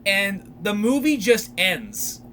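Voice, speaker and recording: A young man hosting a podcast, retelling a film in a rambling, animated way with lots of fillers. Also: sits high, takes it slowly, a little hiss or hum. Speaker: podcast host. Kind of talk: casual solo film recap.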